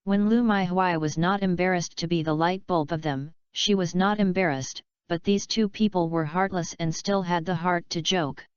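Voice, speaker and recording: A woman narrating a novel in a steady, plain reading manner. Her voice is a little low and very smooth and clean. The recording is dry, with no room sound, and slightly dull in tone. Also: moderate pace, few pauses, dry recording. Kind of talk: audiobook narration.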